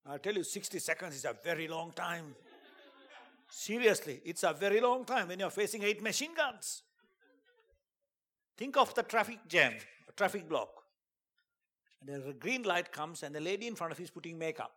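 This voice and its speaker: A man preaching a sermon and telling a dramatic testimony, dropping to a hush and then rising to shouts. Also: sits high, animated, normal speed, long pauses. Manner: dramatic storytelling, swings from hushed to shouting; preaching with emphatic call-outs.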